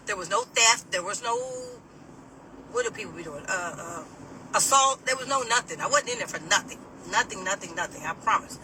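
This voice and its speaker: A woman vents in an animated, indignant monologue, swearing freely as she drives. Her voice is piercing and forceful. She sits a little back from the phone, with a faint hum of the road underneath. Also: mid-range voice. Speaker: vlogger. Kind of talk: casual venting monologue. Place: in a moving car. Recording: distant mic, faint road noise.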